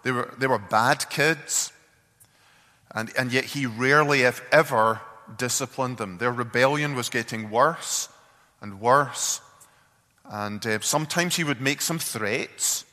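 A man preaching, telling a story in an earnest, halting way with repeated words. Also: medium pitch, pushed and bright, long reverb tail. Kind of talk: sermon storytelling.

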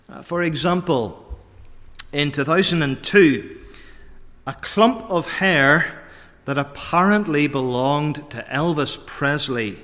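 Man, preacher, sermon, fairly high voice, repeats phrases for weight, long church echo. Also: a bit bright. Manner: deliberate, repeats key phrases for emphasis. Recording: long reverb of a large church.

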